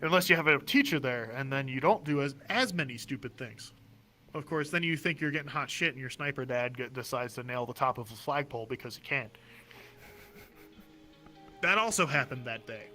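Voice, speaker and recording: Bright-voiced young man telling a story. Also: medium pitch, fairly quick, faint music behind. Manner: animated storyteller, swears freely, laughs at himself. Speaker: podcast co-host. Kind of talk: casual chat.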